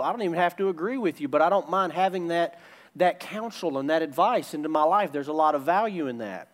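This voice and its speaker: A man's voice: a little high, brisk. A man preaching a sermon as a pastor, emphatic and returning again and again to his key phrases.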